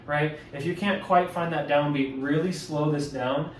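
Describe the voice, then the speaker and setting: A man explains drum exercises in a loose, conversational way, stopping to correct himself and filling pauses as he goes. His voice sits a little high and carries a roomy echo from a mic set some distance away, with faint noise underneath. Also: steady tone. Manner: loose and conversational, many fillers and self-corrections. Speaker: drumline instructor. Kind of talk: casual instructional walkthrough. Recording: echoey room, mic at a distance.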